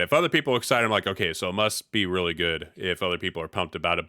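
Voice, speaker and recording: A man's voice: low voice, pushed and bright, clear, resonant tone, no room sound, studio quality. A man from the US Midwest hosting a podcast in casual chat, laid-back with slang and frequent restarts. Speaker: podcast host.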